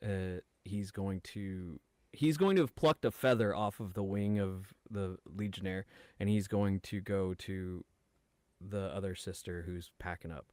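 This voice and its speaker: A man playing a tabletop game who speaks haltingly, with many fillers. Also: low-pitched, fairly even intonation, darkish tone, no echo. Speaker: player. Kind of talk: tabletop role-play.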